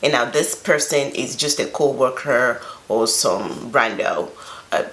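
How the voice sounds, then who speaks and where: A woman's voice: very deep voice, sing-song, unhurried, fairly bright tone. A woman vlogger giving casual, earnest advice on her own experience, speaking conversationally with emphatic pushes. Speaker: self-reflection vlogger.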